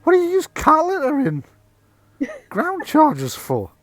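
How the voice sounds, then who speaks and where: Give me a man playing a shrill police officer in open disbelief. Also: wildly swooping pitch, takes it slowly, fairly bright tone, no room sound, full character voice. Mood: incredulous. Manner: disbelieving, exasperated. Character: incredulous male police officer.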